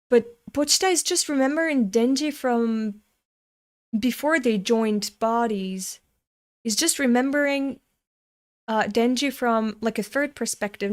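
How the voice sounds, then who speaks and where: Excitable high-voiced woman reacting to comics. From Europe. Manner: excitable, bursts into giggling fits. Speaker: manga reaction host. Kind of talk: casual reaction commentary.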